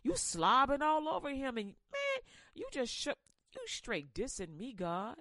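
A woman's voice: sits high, huge pitch swings, a little slow, bright, forceful tone, no room sound, clean studio sound, full character voice. A woman voicing Cain as a cocky, jealous young man who scoffs and talks in slang. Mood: resentful.

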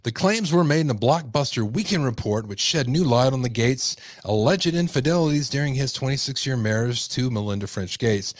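A man hosting a podcast reads news stories aloud, stopping often for sarcastic comments of his own. His voice sits at an ordinary middle pitch. The recording is dry and close, with no room sound. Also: expressive, fairly quick, few pauses, dry recording. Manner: sarcastic asides. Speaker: podcast host.

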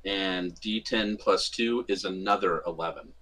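A man's voice: deep voice, a little slow, fairly bright tone, rough recording. A man playing a tabletop game, eagerly asking about rules and rolling dice. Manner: eager, asks rules questions. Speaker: player. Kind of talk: casual tabletop game play.

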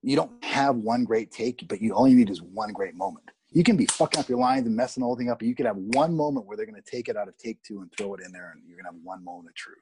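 A middle-aged man from Canada, an actor, telling candid, animated stories about film sets in a casual interview and swearing freely. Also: fairly low pitch, fast talker, few pauses, noisy background. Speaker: actor guest.

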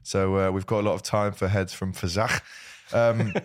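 A man with a Liverpool accent hosts a casual football chat, his voice sitting low. He reads viewer comments aloud and hands out shout-outs to regulars. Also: level tone, normal speed. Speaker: podcast host.

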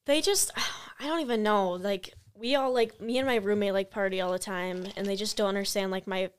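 A woman's voice: medium pitch, brisk, smooth. A young woman, a psychology student and podcast guest, chatting and telling stories with lots of "like" fillers. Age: young adult. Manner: chatty storyteller, many "like" fillers. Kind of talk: casual podcast chat.

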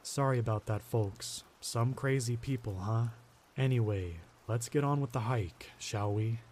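A man's voice: mid-range voice, a little slow, a little mellow, slight background noise, natural voice. A man voicing a cheerful, smiling male trail guide with a sinister edge, speaking in a friendly, easygoing way. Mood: breezy. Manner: friendly, breezy.

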